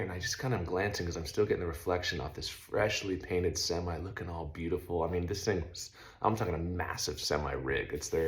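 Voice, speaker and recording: Male vlogger, middle-aged, low voice, relaxed slangy storyteller who does noisy sound effects. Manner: animated, makes loud sound effects while telling; laid-back, uses slang like stoked and dope. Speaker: vlog host telling a story. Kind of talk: casual storytelling monologue.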